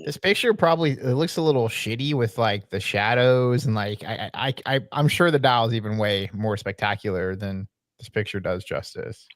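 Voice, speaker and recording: A man's voice: lowish voice, normal speed, dry recording, clean studio sound. A laid-back man chatting casually on a live stream, using slangy phrasing.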